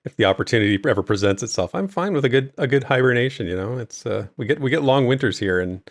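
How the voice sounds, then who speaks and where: A man co-hosting a podcast over a remote call in casual chat, upbeat and quick to laugh, with a groggy morning voice. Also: medium pitch, expressive. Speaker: podcast co-host.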